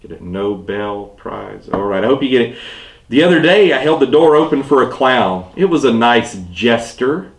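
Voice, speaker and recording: Southern pastor guy rattling off corny puns, punchlines go quiet, echoey room. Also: animated. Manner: quick-switching joke telling, punchlines dropped low and quiet. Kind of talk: telling clean jokes and puns.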